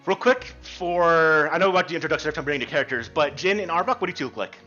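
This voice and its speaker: A man running an online tabletop role-playing game as game master, explaining rules in a quick, casual way. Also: a little high, bright, forceful tone, dull audio, faint music behind.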